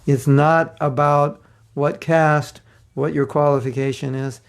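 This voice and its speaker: A man's voice: fairly high pitch, flat delivery, a little slow, vocal fry, smooth. A man giving a devotional class, telling stories and acting out the voices of the people in them. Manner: storytelling, acting out quoted voices. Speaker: spiritual teacher. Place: class setting.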